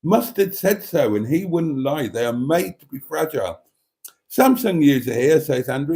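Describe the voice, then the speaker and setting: A man's voice: fairly high pitch, sing-song, normal speed, dark tone. A man hosting a livestream, casually reading viewer comments aloud in a chatty, amused way. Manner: chatty, amused, laughs often. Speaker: livestream host.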